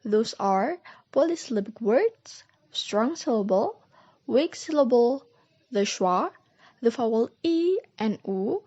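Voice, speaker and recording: A woman's voice: fairly high pitch, animated, slow, a little mellow. A young woman introducing a scripted lesson and listing its points in order. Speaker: teacher. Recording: dull, muffled lo-fi recording.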